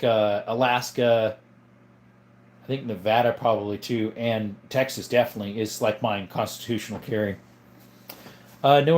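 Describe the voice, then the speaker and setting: A man hosting a casual livestream, chatting in a relaxed, rambling way and answering viewers. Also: medium pitch. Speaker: livestream host.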